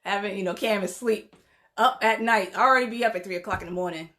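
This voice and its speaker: Woman, counselor, vlog to camera, encouraging, chatty, laughs often, bright voice. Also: medium pitch, quick pace. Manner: informal, with 'y'all' and loose asides. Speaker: psychotherapist and counselor. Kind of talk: direct-to-camera heartfelt vlog address.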